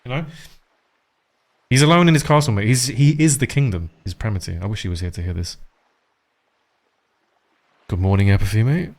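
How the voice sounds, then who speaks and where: A man with a somewhat low voice talking through a live game stream. He rambles casually, swears often and chats to viewers as he plays. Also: a little fast, pauses often.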